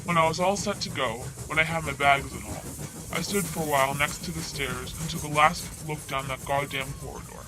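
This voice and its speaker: A man's voice: a little high, fairly quick, background noise, close to an everyday voice. A young man narrating in voice-over as a restless, gloomy teenage boy, with a rambling, confessional manner and casual cursing.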